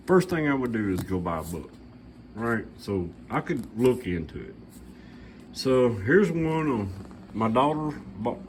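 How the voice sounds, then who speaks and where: A man's voice: medium pitch, darkish tone, a little hiss or hum, low-quality recording. A middle-aged man, hosting his own channel and talking casually to the camera in his home shop, blunt, rambling and folksy. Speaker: channel host.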